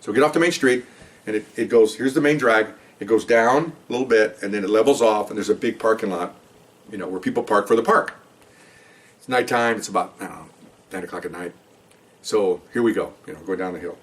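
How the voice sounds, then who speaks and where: A man's voice: fairly low pitch, fairly quick, distant mic. An older man, a retired police officer, telling stories in a casual monologue, checking in with "okay?" and acting out quoted dialogue. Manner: conversational, frequent "okay?" check-ins, acts out quoted dialogue.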